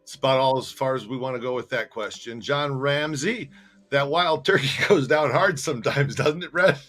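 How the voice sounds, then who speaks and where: A man's voice: medium pitch, moderate pace, a bit bright. A man hosting a casual podcast, laughing often and teasing his co-host while reading out viewer comments.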